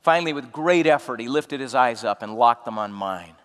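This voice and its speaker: A middle-aged man giving an inspirational stage talk as a keynote speaker, telling a story in a measured, deliberate way with emphatic pauses. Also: medium pitch, expressive, a bit bright, clear, resonant tone. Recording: long hall reverb.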